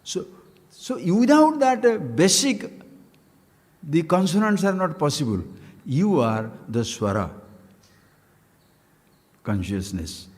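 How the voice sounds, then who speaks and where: Animated swami in a reverberant hall. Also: male voice, takes it slowly, pauses often. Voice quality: animated, playful, chanting Sanskrit syllables with wide swings in pitch. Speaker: spiritual teacher. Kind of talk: spiritual discourse.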